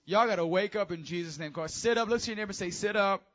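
A man preaching a casual, high-energy sermon to teenagers as youth pastor, with call-and-response. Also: fast talker, a bit bright, muffled recording.

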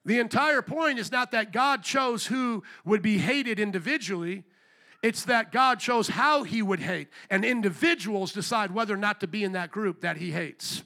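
A male pastor preaching a sermon in church, emphatic, calling out to the congregation for amens and slowing down to stress key words. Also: high voice, pushed and bright.

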